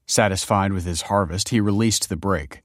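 A man narrating an audiobook chapter in a measured, even storytelling manner. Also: sits low, dry recording, clean studio sound. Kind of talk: scripted narration.

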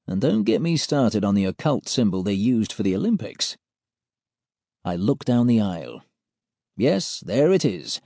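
A man reading a first-person story aloud in a wry, deadpan way, close to a studio mic. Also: on the low side, a little slow, vocal fry, no echo. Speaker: audiobook narrator. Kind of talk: scripted first-person narration.

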